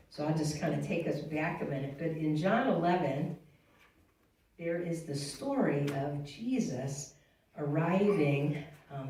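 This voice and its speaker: Low-voiced woman speaking in an echoey church. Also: warm tone. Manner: reflective, halting, many restarts and sighs. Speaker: guest speaker. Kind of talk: church talk on grief. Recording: echoey room from far off, faint noise.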